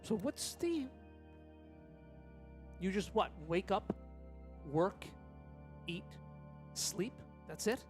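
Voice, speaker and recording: A newcomer prisoner asking question after question, as a man plays him at a tabletop game. He has a high voice for a man. His voice carries a long hall reverb with faint music underneath. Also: sing-song, very slow, long pauses, heavily acted. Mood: probing. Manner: questioning, casual. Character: newly arrived young adult male prisoner, curious.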